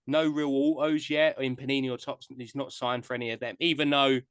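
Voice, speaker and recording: Male podcast host, mid-pitched, eager fan, dry close mic. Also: flat delivery, fairly quick, fairly bright tone, smooth, no echo. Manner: enthusiastic, self-deprecating fan. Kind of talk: casual podcast chat. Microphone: podcast mic on live stream.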